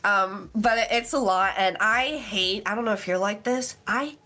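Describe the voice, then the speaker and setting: A young woman from West Virginia, a content creator chatting casually and candidly as a guest, quick to criticize herself. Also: medium pitch, bright, forceful tone. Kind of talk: casual chat.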